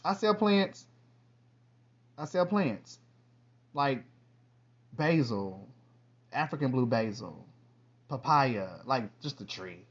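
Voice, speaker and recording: A man hosting his own podcast in a casual, rambling monologue, with lively bursts and quiet trailing asides. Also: medium pitch, slow pace, long pauses, slightly rough, dull audio. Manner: chatty, loose, drifts between topics. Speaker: podcast host.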